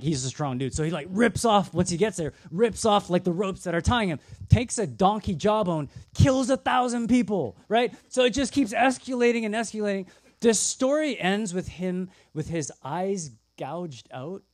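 A young adult man preaching a sermon, telling stories in an animated way with many fillers and restarts. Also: high-pitched, no room sound. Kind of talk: sermon storytelling.

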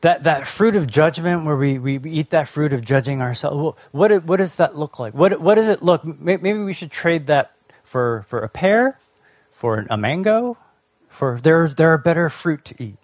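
A man's voice: on the high side, lively intonation, moderate pace, no echo. Conversational male pastor preaching. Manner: conversational storytelling with fillers and restarts. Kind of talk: sermon.

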